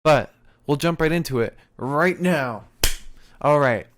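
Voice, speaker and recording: A man's voice: on the high side, slow, a little hiss or hum. A young man co-hosting a wrestling podcast, recapping the show in a laid-back, casual way with plenty of swearing. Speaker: podcast co-host.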